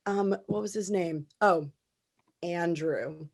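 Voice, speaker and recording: A woman's voice: on the low side, slow pace, vocal fry. Chatty young woman gossiping. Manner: chatty, animated retellings with lots of fillers. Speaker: podcast co-host. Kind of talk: casual chat.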